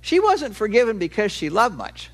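A man's voice: sits high, huge pitch swings, normal speed, fairly bright tone. A male preacher giving a sermon in a conversational way. He explains with everyday examples and stretches key words for emphasis.

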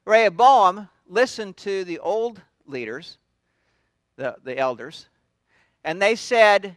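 A man's voice: high voice, lively intonation, slow, no room sound. A man preaching a sermon, retelling scripture in a conversational storytelling way with frequent restarts. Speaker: pastor.

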